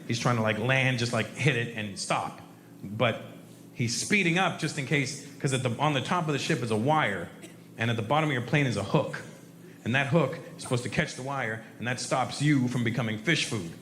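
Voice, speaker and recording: A man doing a stand-up comedy set on stage before a live audience, telling a profane, animated story and bantering with the crowd. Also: mid-range voice, normal speed, reverberant, slight background noise.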